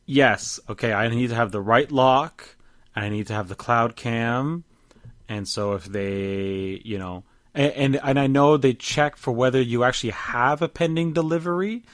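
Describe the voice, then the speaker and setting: Animated man co-hosting a podcast. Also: medium pitch, normal speed, no echo, clean studio sound. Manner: animated, jumps up when surprised. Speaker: podcast co-host. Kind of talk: casual chat.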